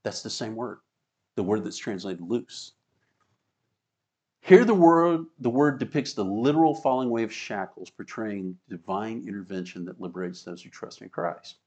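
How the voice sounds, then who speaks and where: A man's voice: lowish voice, expressive, normal speed, darkish tone. Male preacher delivering an emphatic teaching sermon, reading verses aloud. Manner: teaching, reads scripture aloud, emphatic, chuckles. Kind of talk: sermon with slides.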